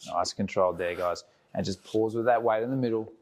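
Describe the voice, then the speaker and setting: A man's voice: on the low side, brisk, darkish tone. A young man coaching a fitness class, counting down reps and encouraging his co-coach with friendly banter.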